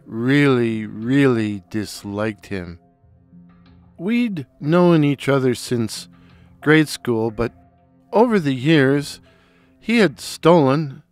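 Slow, wry male storyteller. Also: medium pitch, clear, resonant tone. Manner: sardonic, deadpan, deliberate. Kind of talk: dry, wry spoken storytelling.

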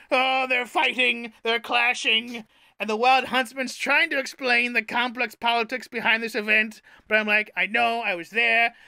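A man with a very high, strikingly bright voice and a gravelly edge spins a grandiose, playful tall tale as a live-stream host. His delivery is theatrical, and the sound is close and dry. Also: no room sound. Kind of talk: improvised comedic storytelling on a live stream.

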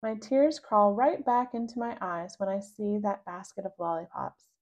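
A woman reading a children's book aloud, narrating slowly and expressively in the first person. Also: medium pitch, a little mellow. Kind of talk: read-aloud storybook narration.

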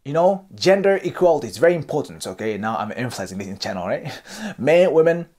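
Lively Japanese-accented man, blunt. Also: mid-range voice, fast talker. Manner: blunt, frequent swearing and laughter. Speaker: host giving dating advice. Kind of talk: casual monologue.

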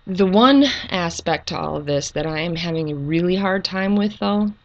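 A middle-aged woman talking earnestly and hesitantly in a personal video monologue, pausing with frequent ums. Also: lowish voice, dull audio. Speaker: YouTube channel creator.

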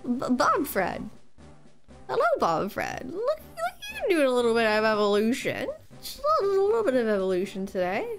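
A young woman streaming a game playthrough and commentating, excitable, swearing and shouting at big moments. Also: on the high side, moderate pace, faint music behind.

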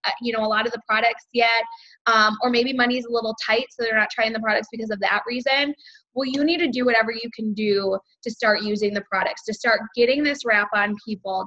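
Upbeat female team leader on a video call; bright, slightly high voice, lo-fi sound. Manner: upbeat, chatty, many fillers. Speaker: team leader hosting a sales training call. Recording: dull lo-fi video call audio.

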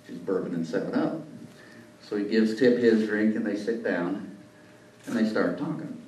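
A man's voice: on the low side, normal speed, a little mellow. A man, a journalist giving a talk to a lunch club, telling anecdotes with folksy asides. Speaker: guest speaker, journalist. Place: meeting room. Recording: echoey room, distant mic, faint noise.

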